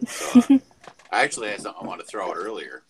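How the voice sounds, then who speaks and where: A man's voice: deep voice, huge pitch swings, quick pace, a crowd in the background. A man on an online panel, explaining a science idea with fillers and restarts. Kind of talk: casual panel chat.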